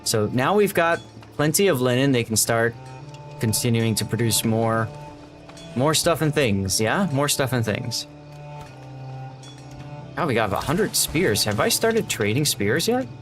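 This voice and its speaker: A man's voice: mid-range voice, animated, a little slow, pauses often, faint music behind. A man live-streaming a city-building game, thinking aloud and greeting his chat as he plays. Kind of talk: casual live-stream gameplay commentary.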